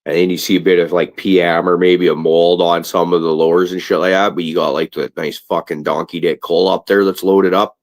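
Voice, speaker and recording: A man's voice: sits low, a little fast, hardly any pauses. A Canadian man hosting a casual cannabis talk show, rambling and swearing a lot. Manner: profane, rambling, animated rants. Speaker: podcast host. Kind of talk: casual stoner chat.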